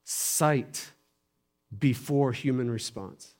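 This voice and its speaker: A man preaching a sermon, building to loud emphasis with repeated phrases and dropping to hushed near-whispers. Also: mid-range voice, a little slow. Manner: preaches with rising intensity and repetition. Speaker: pastor.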